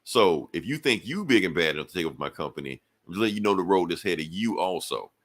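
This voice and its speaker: Swaggering tough hero dude, threatening, as a man puts him on, deep voice. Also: lively intonation, fast talker, fairly bright tone. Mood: defiant. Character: defiant male armored hero, tough-talking.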